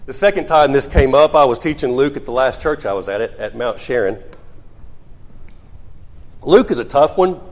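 A man preaching a sermon in a conversational storytelling way, often restarting his sentences. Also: medium pitch. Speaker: pastor. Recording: muffled sound in a reverberant hall.

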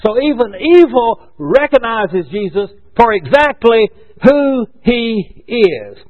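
A man's voice: very high voice, very animated, slow pace. A man preaching a sermon in a conversational way, asking rhetorical questions and correcting himself as he goes. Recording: dull lo-fi recording.

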